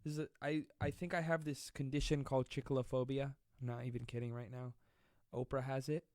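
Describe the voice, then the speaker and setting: A man's voice: medium pitch, little pitch movement, brisk, a little mellow, no room sound. Joking self-mocking man on a dry mic. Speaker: live-stream host. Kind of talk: casual comedic live-stream chat. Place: at home during quarantine. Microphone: close desk mic.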